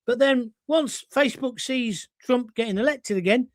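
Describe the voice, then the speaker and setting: A man's voice: very high voice, normal speed, dry recording, clean studio sound. A middle-aged English man hosting his own political show, ranting bluntly with sarcastic asides. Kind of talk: opinionated live show monologue.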